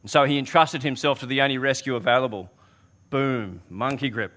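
A man's voice: medium pitch, steady tone, fairly quick, a bit bright. A man preaching a sermon, earnest and conversational, often restarting his words as he tells a story.

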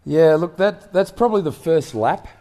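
An older man speaking as a guest in an on-stage interview, telling stories in an animated way. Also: a little high, normal speed. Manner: animated storyteller, acts out voices in anecdotes.

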